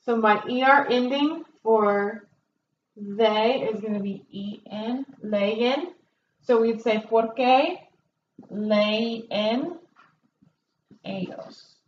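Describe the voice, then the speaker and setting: A woman's voice: mid-range voice, echoey room, highs cut off, slight background noise. A woman teaching a Spanish review lesson, explaining grammar step by step with frequent ums. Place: classroom.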